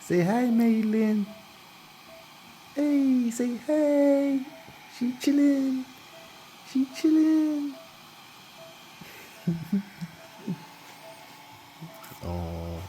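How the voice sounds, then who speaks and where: A woman's voice: sits high, very animated, drawn-out words, long pauses, mellow, a little hiss or hum, low-quality recording. A woman chatting casually while filming, cheerful and coaxing.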